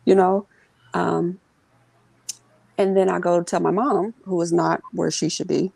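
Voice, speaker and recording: A woman telling an emotional family story as an interview guest, earnest and halting, sometimes acting out what others said. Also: lowish voice, fairly even intonation, gravelly, darkish tone, no room sound, low-quality recording.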